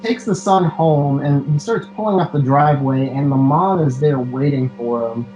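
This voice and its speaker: A man's voice: medium pitch, moderate pace, a little mellow, lo-fi sound, soft background music. Profane man recapping a movie. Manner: loose, profane, many fillers. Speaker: podcast co-host. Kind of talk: casual movie recap chat.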